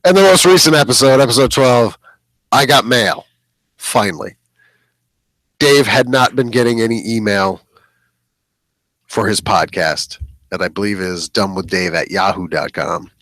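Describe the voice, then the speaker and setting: A man's voice: fairly low pitch, moderate pace, pauses often, a bit bright, no echo. A man co-hosting a podcast, telling rambling stories in casual chat and laughing often. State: hiccuping.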